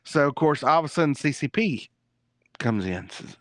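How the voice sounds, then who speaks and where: A man's voice: mid-range voice, moderate pace, no echo. A man telling a long story in a casual, rambling way, full of fillers and restarts.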